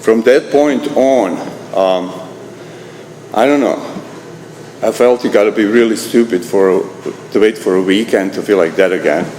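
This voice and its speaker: A man's voice: lowish voice, a little slow, darkish tone. A middle-aged man from Croatia with a Croatian accent, telling his recovery story at a meeting in a blunt, profane, self-mocking way, restarting his sentences. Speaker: AA meeting speaker. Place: meeting hall. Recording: echoey hall with faint room noise.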